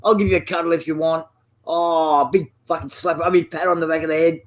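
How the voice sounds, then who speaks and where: Gaming with a friend, this high-pitched guy keeps up profane, teasing banter over voice chat, swearing almost constantly and swapping insults. He rambles and circles back through filler words, talking a little fast in a steady tone.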